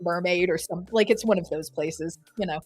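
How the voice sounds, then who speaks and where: A woman's voice: lowish voice, moderate pace, darkish tone, slightly rough, faint music behind. A woman player narrating her character's actions in a tabletop game, chatty and full of fillers. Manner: chatty storytelling with frequent "like" and laughs.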